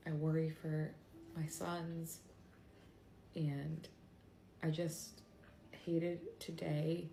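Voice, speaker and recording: A woman in her thirties, crying as she talks, her voice low, gravelly and dark. She speaks slowly and haltingly, with her words often fading into a breathy whisper. The recording carries a roomy echo with faint noise underneath. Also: level tone. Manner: halting, hushed, breaking into whispers. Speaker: mother sharing a personal video. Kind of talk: tearful personal confession to camera.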